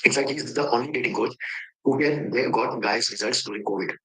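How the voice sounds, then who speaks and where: Testimonial from a man with an Indian accent: quick, husky, bright, halting and full of fillers. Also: mid-range voice, poor audio. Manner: halting, with many fillers and restarts. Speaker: coaching client giving a testimonial. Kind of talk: recorded testimonial.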